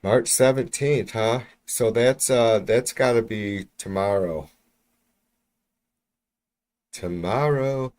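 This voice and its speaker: A man's voice: medium pitch, takes it slowly, pauses often, darkish tone. A man casually chatting with his livestream viewers, rambling and swearing freely, speaking from about an arm's length from the mic. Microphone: mic about an arm's length away.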